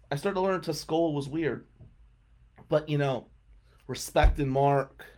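Male radio host, casual comic storyteller, animated pitch, frequent throat-clearing. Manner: rambling, throat-clearing, with a lively delivery.

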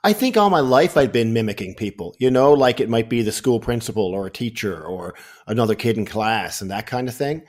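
A man's voice: medium pitch, fairly quick. Newfoundland man telling stories. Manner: animated, self-correcting. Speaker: actor and comedian guest. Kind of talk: interview storytelling.

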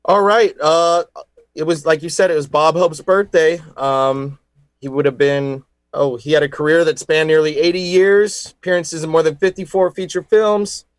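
A man co-hosts a radio show with a slightly high voice. He talks in halting bursts full of fillers and drops deadpan puns. The sound is dry and close. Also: dry recording. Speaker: radio co-host presenting history facts. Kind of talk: casual radio banter. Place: radio studio.

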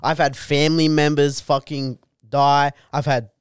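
A man's voice: on the high side, flat delivery, unhurried, smooth, no echo, studio quality. A young man co-hosting a podcast, talking bluntly and with constant swearing in casual banter. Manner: profane, blunt, reflective. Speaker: podcast co-host.

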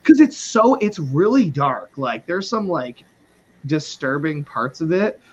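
A man's voice: on the high side, very animated, unhurried, darkish tone, breathy edge, highs cut off. A man who is a podcast guest, talking in a loose, rambling way, swearing freely and often trailing off and starting over. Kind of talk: casual chat.

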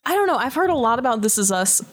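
Woman on a tabletop podcast, curious and puzzled, somewhat high, lively pitch. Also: quick pace. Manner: puzzled, questioning. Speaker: player. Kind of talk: casual podcast banter.

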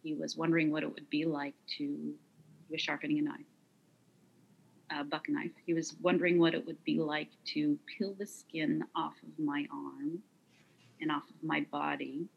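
A middle-aged woman recounting a personal story in an interview, quiet, measured and halting. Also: deep voice, level tone, creaky, husky, dull audio. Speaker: guest.

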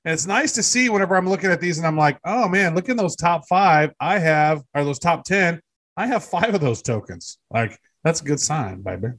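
Somewhat higher-voiced guy co-hosting, excitable and joking around. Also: moderate pace. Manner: excitable, jokey. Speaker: podcast co-host. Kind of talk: casual chat.

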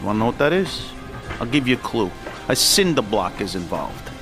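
A man's voice: mid-range voice, very animated, normal speed, over music, close to an everyday voice. A man playing a sneering mob-boss principal. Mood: sarcastic menace. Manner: sarcastic, threatening. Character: menacing mobster-like male school principal.

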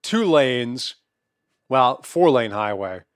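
A man's voice: mid-range voice, lively intonation, slow pace, no room sound, studio quality. A middle-aged man co-hosting a podcast, chatting loosely and profanely with frequent laughs. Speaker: podcast co-host. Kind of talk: casual chat.

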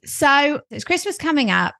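A woman's voice: high-pitched, big pitch swings, moderate pace, gravelly, pushed and bright, dry recording. A woman from England hosting a casual podcast chat, frank and swearing casually as she tells personal stories. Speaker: podcast host.

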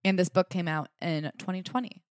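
A young woman co-hosting a book podcast in lively casual chat, swearing now and then. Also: lowish voice, a little fast, no room sound, studio quality. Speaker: podcast co-host.

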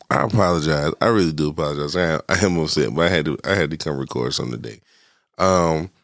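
A man's voice: low-pitched, dry recording, studio quality. A middle-aged man hosting a casual solo podcast, sounding congested and talking in a loose, rambling way that keeps interrupting itself. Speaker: podcast host.

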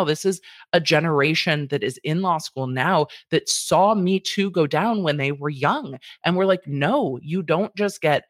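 Animated woman commentator, dry close sound. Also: sits low, dry recording. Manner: animated, acts out exaggerated quoted voices. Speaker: commentary host. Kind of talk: casual commentary to camera.

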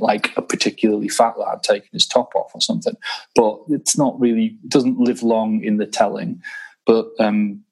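A man's voice: mid-range voice, breathy edge, poor audio. A man co-hosting a casual football podcast, rambling and self-deprecating with some swearing. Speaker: podcast co-host.

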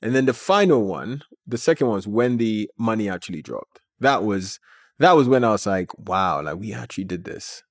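A man, a company founder, telling a story as an interview guest in an animated way, with many filler words. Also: fairly low pitch, normal speed, no room sound, clean studio sound.

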